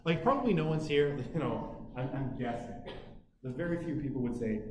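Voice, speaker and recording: A man's voice: mid-range voice, expressive, a little fast, slight background noise. A male university lecturer giving a casual classroom lecture, talking conversationally and often tagging his points with "right?" and "you know". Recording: echoey room with faint ambience.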